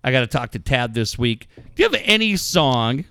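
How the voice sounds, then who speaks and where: A man in casual podcast talk, his pitch leaping around as he tells stories and acts out what people said, loud and profane. His voice sits at a middle pitch and sounds close and dry, with no room around it. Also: normal speed, clean tone, dry recording. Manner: animated storyteller, swears a lot, acts out quotes loudly. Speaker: podcast host organizing a charity event. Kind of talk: casual chat.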